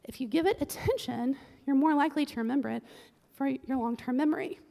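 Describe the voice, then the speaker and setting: A woman preaching a casual, humorous sermon, chatty with quick joking asides. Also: sits high, creaky, warm tone. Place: church sanctuary. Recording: long church-hall reverb.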